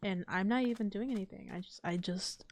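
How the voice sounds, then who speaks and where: A woman streaming a block-building game late at night, chatting casually and swearing while keeping her slightly high voice down. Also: fairly quick. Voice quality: slightly high, a little strange voice. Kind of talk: casual live-stream gameplay chat.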